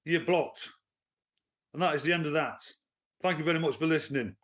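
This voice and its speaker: A man's voice: on the high side, quick pace, a bit bright. A man, ranting bluntly and with swearing to his live-stream chat from his living room. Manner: blunt, profane, heated. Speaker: livestreamer and commentator.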